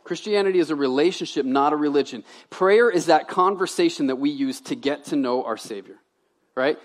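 A male pastor in his thirties, from Louisiana, delivers a sermon in a conversational style. His voice sits a little high for a man. He moves between loud, emphatic lines and quiet, softer asides. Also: fairly quick.

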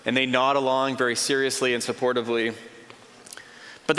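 A man's voice: medium pitch, flat delivery, fairly quick, sharp tone. A man preaching a sermon in a conversational way, building his points with repeated short phrases. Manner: conversational, plays out imagined dialogue. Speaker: pastor. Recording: long reverb of a large hall.

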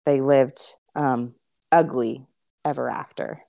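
A woman's voice: extremely low pitch, fairly even intonation, takes it slowly, creaky, warm tone, dry recording, highs cut off. A woman joining a casual podcast chat about a film, talking in a chatty way with many fillers. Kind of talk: casual movie discussion.

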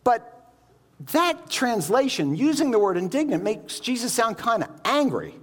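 A man's voice: very high voice, big pitch swings, a little slow. A man preaching a sermon. He explains each point and keeps asking the listeners rhetorical questions.

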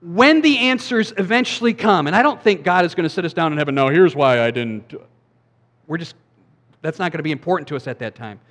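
A man giving a sermon as a pastor, preaching in a conversational way with quick asides. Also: high-pitched, expressive, a bit bright, big-room sound.

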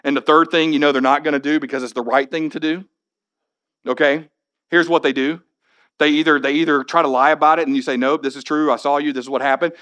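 A man preaching a sermon in a casual, plain-spoken way, his fairly high voice climbing as he builds energy. He moves from easy conversational asides to animated, emphatic stretches. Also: fast talker, muffled recording. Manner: animated, rising in pitch as he builds. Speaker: pastor.

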